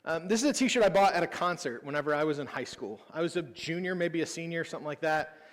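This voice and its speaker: A man's voice: a little high, lively intonation, fast. A man in his thirties, a pastor, giving a casual, personal sermon full of stories and self-deprecating humor. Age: 30s. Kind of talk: conversational sermon. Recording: long hall reverb.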